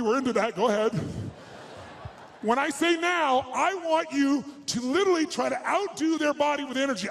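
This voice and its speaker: Gravelly high-voiced man rousing a crowd. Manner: commanding, fires rhetorical questions at the crowd, bursts into shouts. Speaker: motivational speaker. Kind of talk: high-energy seminar talk to a live audience.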